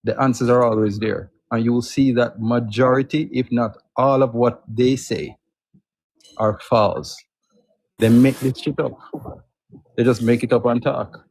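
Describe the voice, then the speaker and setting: A man hosting a livestream who speaks in a measured, assertive way, as if lecturing a guest. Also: mid-range voice, steady tone, a little mellow, breathy edge. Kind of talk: persuasive commentary.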